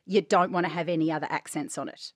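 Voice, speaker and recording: A woman's voice: low voice, steady tone, fast, no echo. Emphatic Australian woman, dry close mic. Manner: emphatic, opinionated. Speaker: podcast co-host. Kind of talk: casual chat.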